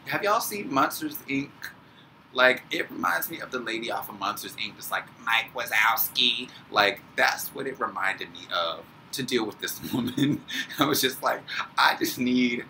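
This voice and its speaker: A young man telling a story casually as a vlogger, animated and acting out the people he quotes. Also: medium pitch, normal speed, gravelly, a little hiss or hum, poor audio.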